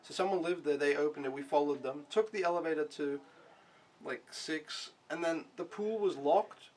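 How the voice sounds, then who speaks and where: A man's voice: a little high, normal speed, darkish tone. A young man vlogging a casual weekly recap, rambling and swearing freely, with lots of "like" and "I don't know".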